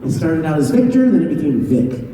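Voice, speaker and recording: A man's voice: fairly high pitch, very animated, a little fast, crowd noise. Playful man in an echoey hall. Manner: playful and teasing, laughs often, spells words out letter by letter. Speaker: voice actor guest at a fan convention Q&A. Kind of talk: casual convention Q&A. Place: large convention hall. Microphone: handheld phone camera from the audience. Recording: echoey convention hall from far off.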